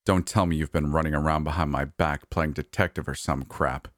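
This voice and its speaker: A man's voice: fairly even intonation, a little fast, dry recording, clean studio sound. A man voicing a surly, grumbling park manager. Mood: menacing. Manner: low, menacing muttering.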